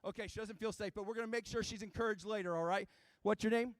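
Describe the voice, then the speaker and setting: A middle-aged man giving a youth ministry talk to young students, telling an animated story and speaking straight to the kids. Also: high-pitched, fast, dry recording. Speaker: youth pastor. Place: church youth room before a live audience.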